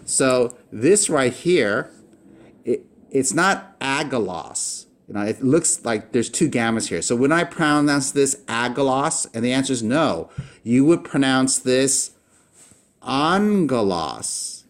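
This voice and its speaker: Man, teacher recording a lesson, mid-pitched, talks slowly, patient, lots of fillers, sounds out each word with care. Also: animated. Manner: patient, halting explanation with frequent fillers and restarts; slows down to sound out words carefully. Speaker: Greek language teacher.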